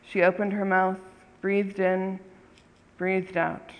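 A storyteller narrating a tale in a measured, calm way. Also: mid-range voice. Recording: long hall reverb.

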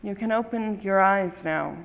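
A storyteller voicing a wise, patient rabbi who speaks calmly and asks gentle questions, recorded with long reverb. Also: mid-range voice, a little slow, vocal fry.

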